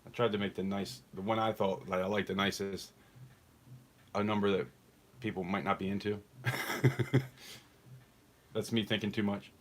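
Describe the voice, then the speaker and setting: A man's voice: fairly low pitch, steady tone, normal speed, pauses often. A man hosting a live online auction, calling out bids and chatting in rambling asides between them. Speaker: live auction stream host.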